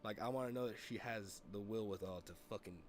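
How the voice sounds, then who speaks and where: A man streaming, telling a story in a rambling, profane, animated way. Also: fairly low pitch, fast, a little hiss or hum. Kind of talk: casual storytelling chat.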